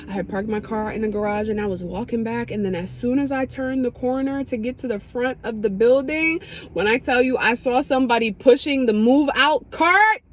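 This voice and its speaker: A woman's voice: fairly high pitch, moderate pace. A young woman telling a personal story in a casual, dramatic, slangy way. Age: young adult. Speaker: vlogger sharing a testimony.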